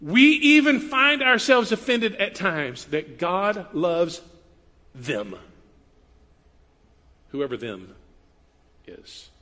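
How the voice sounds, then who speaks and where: Heard with the long echo of a big hall, a man with a high, bright voice preaches very slowly and with long pauses. He is very animated, keeping the sermon easy and conversational, with playful asides and voices he quotes.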